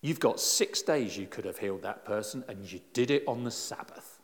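A man's voice: on the low side, normal speed, voice pushed down, lightly acted. A man voicing a grumbling, rule-bound critic with a put-on accent, sounding dismissive and unmoved, in a long-reverb hall.

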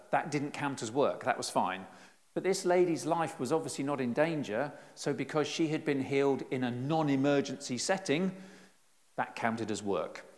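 A middle-aged man giving a conversational, lively sermon with self-deprecating humor, recorded in a church. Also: medium pitch. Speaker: preacher. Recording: long reverb in a church hall.

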